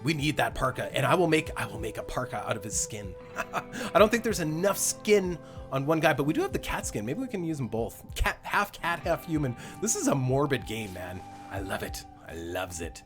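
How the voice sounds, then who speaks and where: A young man streams his gameplay live, talking in an animated, lively way with a slightly high voice. He jokes darkly and laughs often as he plays. Faint game music sits underneath. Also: a little fast. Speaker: gaming livestreamer.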